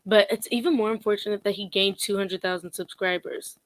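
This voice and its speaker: A woman's voice: medium pitch, fairly even intonation, brisk. A young woman vlogging casual commentary, sassy and blunt, laughing often as she mocks.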